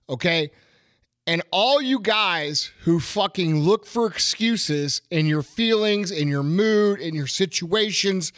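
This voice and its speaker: The studio-quality recording, free of echo, captures a middle-aged podcast host with a high-pitched, slightly bright voice. He rants bluntly and profanely to motivate listeners, repeating phrases emphatically.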